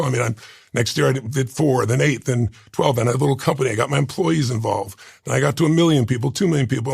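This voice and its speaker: Man, 60s, interview guest; raspy, gravelly, heartfelt personal storyteller. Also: mid-range voice, darkish tone, no echo, studio quality. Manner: emotional, earnest, tells a personal story.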